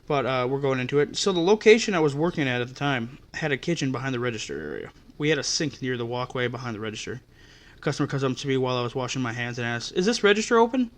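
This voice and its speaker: A podcast host with a medium-pitched, fairly bright voice tells stories of customer-service encounters. It turns into an exasperated rant laced with profanity.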